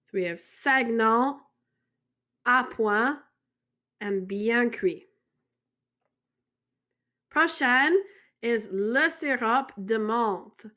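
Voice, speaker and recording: An American woman runs a vocabulary lesson as a French teacher, chatty and full of small jokes and questions to the viewer. Her voice sits a little high and sounds bright and clear. She speaks slowly and carefully. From United States.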